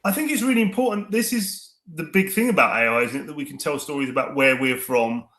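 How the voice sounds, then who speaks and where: A man's voice: a little high, animated, quick pace, a bit bright. A middle-aged British man, a guest filmmaker, talking earnestly in a casual interview and repeating words at the starts of phrases. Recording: echoey room.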